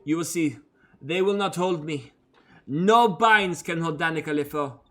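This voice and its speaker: A man's voice: fairly high pitch, measured pace, natural voice. A man voicing a wounded, vengeful female outlaw who spits threats. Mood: venomous.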